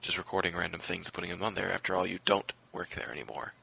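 A man's voice: low-pitched, steady tone, quick pace, gravelly, background noise. A man co-hosting a podcast in casual banter, incredulous and questioning. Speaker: podcast co-host.

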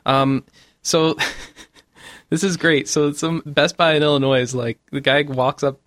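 A man's voice: a little high, little pitch movement, a little slow, a bit bright, no echo, studio quality. A man hosting a casual gaming podcast, laughing often as he retells news stories. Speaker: podcast host.

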